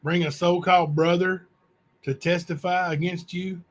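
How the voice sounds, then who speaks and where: A man hosting a channel, reading letters aloud to viewers in a plain, unhurried way with asides. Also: sits high, little pitch movement. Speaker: channel host.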